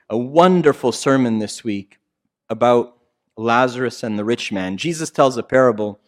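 A middle-aged man preaching a sermon in a conversational way, swinging from loud emphatic lines to quiet soft ones and often asking "right?". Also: mid-range voice. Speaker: pastor.

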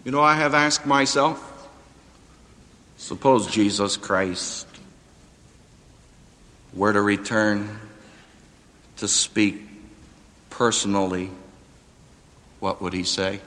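A man preaching a sermon to a live audience, with dramatic emphasis that rises to near-shouts on quotes. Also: fairly low pitch, takes it slowly, pauses often. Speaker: preacher and seminary professor. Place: auditorium before a live audience. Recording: hall reverb, radio broadcast.

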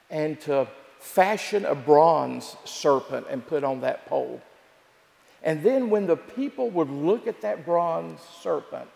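Gravelly-voiced pastor in an echoey church. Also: male voice, a little high, warm tone. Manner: storytelling preacher with repeated triplets and dramatic pauses. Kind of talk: sermon. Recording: echoey hall with long reverb.

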